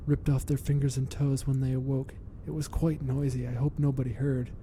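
A man voicing a scheming, murderous young duchess in a hushed, conspiratorial way that sometimes turns to a hiss. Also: level tone, fairly quick, lightly acted, poor audio. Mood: playful. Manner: hushed, conspiratorial, hissing at times. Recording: rumbling background noise.

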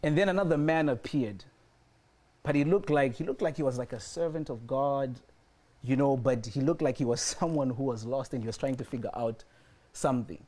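A man's voice: mid-range voice, moderate pace, dark tone. A man preaching a sermon and telling a personal story, repeating his phrases for emphasis.

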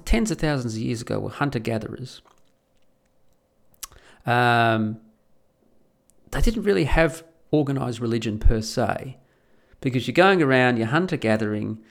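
Casual male ranter, gravelly, rambling and profane, mid-pitched. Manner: profane, rambling, with many restarts. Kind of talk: casual rant.

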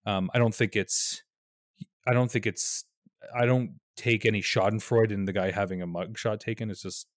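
Low-voiced, rambling podcast co-host man. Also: fairly even intonation, normal speed, no room sound, studio quality. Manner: rambling, trails off quietly, crude jokes. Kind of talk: casual chat.

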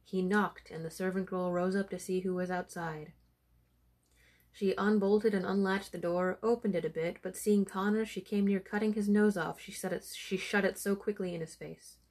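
A woman reading a folk tale aloud with a steady storytelling delivery. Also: medium pitch, normal speed.

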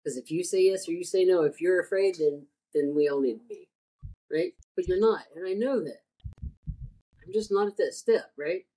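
A woman's voice: fairly low pitch, moderate pace, mellow, rough recording. A woman co-hosting a podcast who speaks hesitantly and reassuringly, with lots of fillers. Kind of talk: casual chat.

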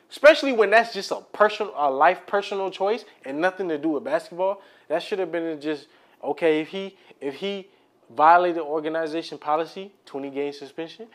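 A young man co-hosting a podcast in casual sports talk, blunt and profane, arguing his point firmly. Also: on the high side. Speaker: podcast co-host. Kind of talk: casual sports and music chat.

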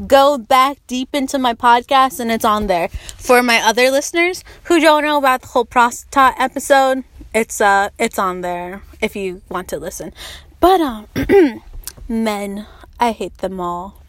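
A woman's voice: high voice, fairly bright tone, no room sound. A young woman hosting a casual podcast chat, blunt and profane, laughing often. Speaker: podcast host.

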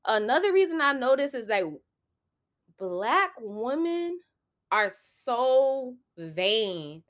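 A woman's voice: on the high side, very animated, takes it slowly, fairly bright tone. A young woman, hosting a solo podcast and giving candid, preachy advice full of "like" fillers. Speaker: podcast host.

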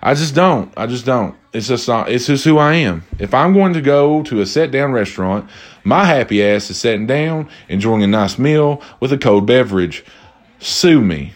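A man telling a casual story to viewers, animated and exasperated, rambling and repeating himself. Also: medium pitch, normal speed.

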